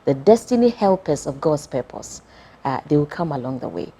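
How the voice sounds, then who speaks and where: A female talk show host with a husky, mellow voice. She affirms her guest and reads out chapter headings. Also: sits low, very animated, moderate pace. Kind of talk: interview.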